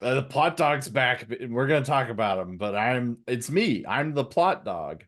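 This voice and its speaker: A man's voice: medium pitch, lively intonation, normal speed. A sleepy man co-hosting a casual comedy podcast, rambling and self-deprecating, tripping over his words. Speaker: co-host.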